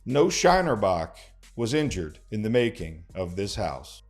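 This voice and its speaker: A man's voice: on the low side, big pitch swings, measured pace, faint music behind. A man hosting a casual vlog, folksy and chatty, often repeating words as he goes. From Texas. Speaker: host, local lender. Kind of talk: casual vlog talk to camera.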